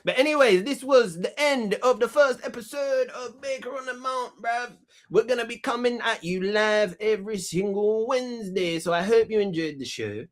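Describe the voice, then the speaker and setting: A man's voice: extremely high pitch, moderate pace. A man hosting a comedic talk show sketch, brash and full of slang, rambling and repeating himself.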